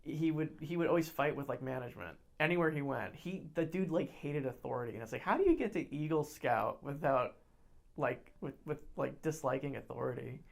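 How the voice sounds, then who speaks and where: A young woman co-hosting a podcast, telling a story in casual chat, animated and acting out other people's lines, with many fillers and restarts. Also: low-pitched, a little fast, vocal fry. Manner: animated, acts out quoted voices loudly. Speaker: podcast co-host.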